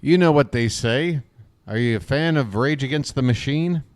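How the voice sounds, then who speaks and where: A man doing live fan play-by-play of a baseball game, chatty and wisecracking, talking back to viewers in chat between pitches. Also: normal speed.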